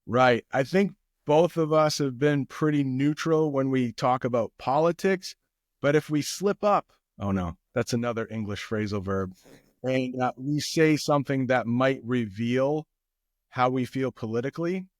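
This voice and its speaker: A man's voice: medium pitch, unhurried, no echo, clean studio sound. An American man, a guest English teacher, chatting casually on a podcast in an easygoing way, often repeating his phrases. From United States.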